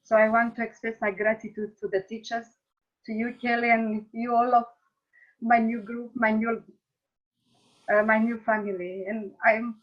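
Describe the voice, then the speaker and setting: A woman from Romania gives an emotional testimonial over a video call, halting and searching for her English words. Her audio is a little dull and muffled. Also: a little high, level tone. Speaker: class participant.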